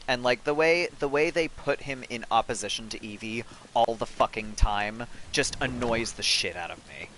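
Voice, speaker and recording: A man's voice: medium pitch, moderate pace, few pauses, sharp tone, slight background noise. A man chatting loosely to viewers while playing a video game live, swearing freely and rambling. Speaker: game streamer. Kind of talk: casual live-stream commentary. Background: game music.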